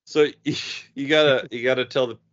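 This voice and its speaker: Halting, slow-talking podcast man. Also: medium pitch, steady tone, a bit bright, muffled recording. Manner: slow, halting, repeats words. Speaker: podcast co-host. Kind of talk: casual chat.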